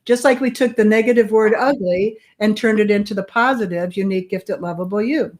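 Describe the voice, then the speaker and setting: A woman's voice: medium pitch, a little fast, darkish tone. Frank middle-aged woman telling her story. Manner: candid, frank, plain-spoken. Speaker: guest, bully prevention expert. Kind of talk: personal storytelling in conversation.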